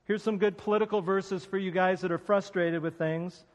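High-voiced man preaching in a hall. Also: steady tone, normal speed. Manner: self-deprecating storytelling with humor. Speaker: pastor. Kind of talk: sermon.

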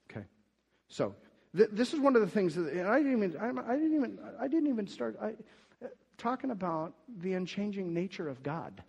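Pastor, male, fairly high voice, emphatic sermon delivery, lots of restarts, long reverb of a church hall. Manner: emphatic, rises and gets louder when quoting scripture; frequent restarts and repeated words.

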